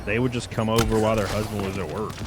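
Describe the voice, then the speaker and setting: A man's voice: on the low side, fairly even intonation. A man chatting on a stream, brash and boastful about his past. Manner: brash, boastful, rapid-fire talker. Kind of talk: casual profane chat. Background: music.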